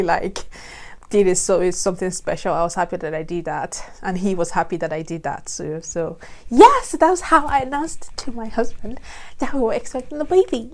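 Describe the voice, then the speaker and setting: A young woman from Nigeria, a vlogger telling a personal story in a chatty way and laughing often. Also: medium pitch. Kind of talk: casual storytelling.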